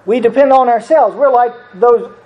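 A preacher giving an earnest, repetitive sermon, often breaking into soft chuckles. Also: mid-range voice, normal speed, muffled recording.

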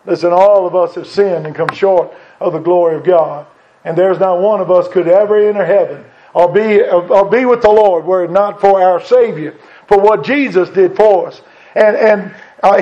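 A high-voiced man preaches an earnest sermon, quoting scripture and circling back over his points. The recording is dull and lo-fi. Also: darkish tone.

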